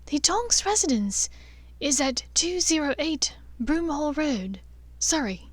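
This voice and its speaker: A woman voicing an elegant aristocratic witch mother, poised, formal and soft-spoken, for an audiobook. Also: high voice, sing-song, slow pace, no echo, voice pushed up, heavily acted. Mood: gracious.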